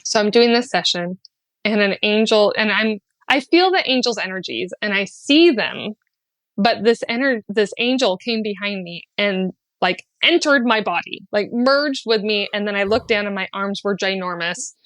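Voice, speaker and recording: A woman guest on a podcast telling a personal story in an earnest, heartfelt way, sliding into lively acted-out quotes and laughs, with many fillers. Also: mid-range voice, normal speed, no room sound. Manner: animated when acting out quotes, often laughing. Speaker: podcast guest, spiritual guide.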